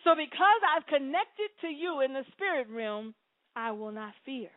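A woman preaching a sermon and praying aloud, swinging between soft pleading and loud exclamations. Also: high voice, normal speed, no echo. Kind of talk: sermon and prayer. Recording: dry, phone-like sound.

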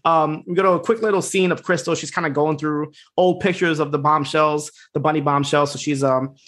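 A man's voice: on the high side, steady tone, a little fast, fairly bright tone. A man co-hosting a podcast, casually recapping a TV episode in a rambling, filler-heavy way and swearing freely. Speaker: podcast co-host.

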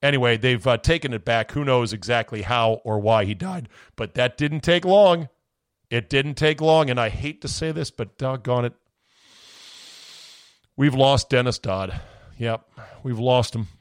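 A man's voice: mid-range voice, unhurried, smooth, dry recording. A man hosts a sports podcast in a sarcastic, indignant rant. His voice is strained from screaming. He sounds close and dry, with no room around him. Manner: sarcastic, indignant, swings into shouting. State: voice going from screaming. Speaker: podcast host. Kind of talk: ranting sports talk.

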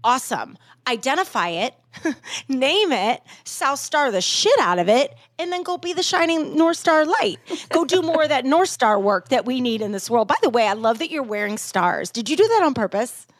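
A woman hosting a podcast in casual chat, bubbly and animated, swearing freely. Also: high voice, normal speed, no room sound, studio quality. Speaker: podcast host.

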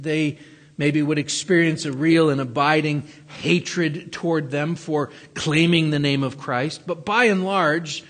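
A man's voice: fairly high pitch, a bit bright, in a large hall. A man preaching a sermon earnestly, stressing his key words. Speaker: pastor.

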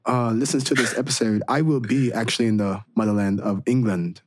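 A man's voice: fairly low pitch, fairly even intonation, fairly quick. A man co-hosting a casual podcast chat in a playful, jokey way. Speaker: podcast co-host.

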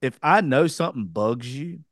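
A man's voice: mid-range voice, lively intonation, normal speed, dry recording, studio quality. A man hosting a podcast in casual chat, talking bluntly and profanely with rambling asides. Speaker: podcast host.

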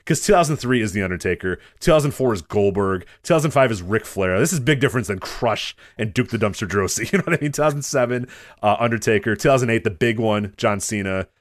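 Fast-talking low-voiced man, laughing rundown. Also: expressive, no echo, studio quality. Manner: rapid, laughing, profane rundown of wrestling history. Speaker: podcast co-host. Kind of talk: casual chat.

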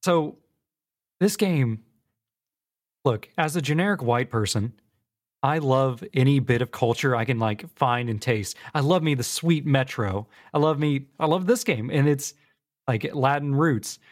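A man's voice: medium pitch, lively intonation, measured pace. An easygoing man co-hosting a casual chat, recapping plots with fillers like "like" and "um".

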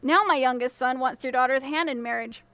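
A woman's voice: sits high, fairly quick, a bit bright, clean tone, dry recording. A woman doing an exasperated old father. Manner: exasperated, resigned.

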